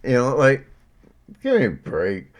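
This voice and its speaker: A man's voice: medium pitch, huge pitch swings, a little slow. A man talking to camera in a rambling, casual monologue, joking and self-mocking, with frequent laughs. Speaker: video blogger.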